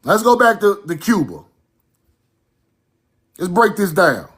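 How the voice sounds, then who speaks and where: Slow, emphatic man lecturing over slides. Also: high voice, very animated, a bit bright, husky. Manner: emphatic, repeats points, directs slides.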